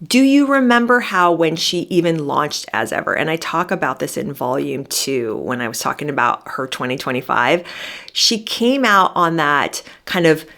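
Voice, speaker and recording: Woman commentator, worked-up sarcastic monologue, slightly low register. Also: expressive, moderate pace, a bit bright. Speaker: commentary vlogger. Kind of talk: opinionated monologue.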